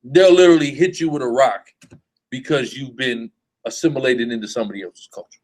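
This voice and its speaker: A man's voice: mid-range voice, fairly quick, a little mellow, poor audio. A man teaching in a loose, emphatic preaching style, often stopping to ask whether his listeners follow him. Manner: emphatic, repetitive, asks "you see what I'm saying?". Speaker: street preacher teaching a group. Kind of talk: informal religious teaching.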